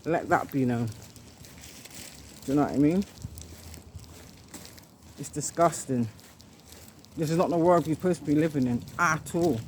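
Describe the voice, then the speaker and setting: A woman's voice: low-pitched, a little slow, pauses often, a little mellow. Indignant woman ranting over background noise. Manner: indignant, emphatic, repeats itself, swears. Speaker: vlogger. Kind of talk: angry monologue to camera. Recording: noisy home recording.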